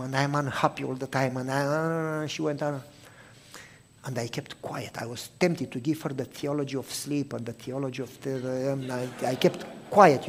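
A man preaching by telling a story, acting out each person's lines and dropping to a hush for tender moments. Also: on the high side. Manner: animated storytelling, acting out both sides of the talk; drops to a hushed, soft voice for tender moments. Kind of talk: sermon storytelling.

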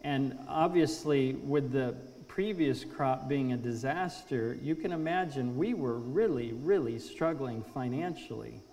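A man's voice: medium pitch, mellow, slight background noise. Earnest man speaking in a reverberant hall. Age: 50s. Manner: earnest, halting with restarts. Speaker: speaker at a conference. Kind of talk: testimony talk.

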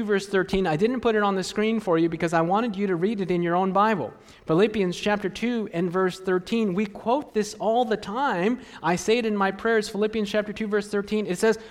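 A male pastor with a high-sitting voice preaches a sermon conversationally, often putting questions to the congregation. The sound carries the big-room feel of a church sanctuary.

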